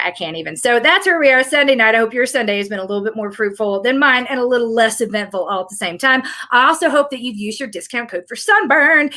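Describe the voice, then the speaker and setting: Chatty Southern woman, fairly high voice. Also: bright, forceful tone. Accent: Southern US, Tennessee. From rural Tennessee. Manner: chatty, rambling, self-deprecating. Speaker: fitness coach. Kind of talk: casual live Q&A chat.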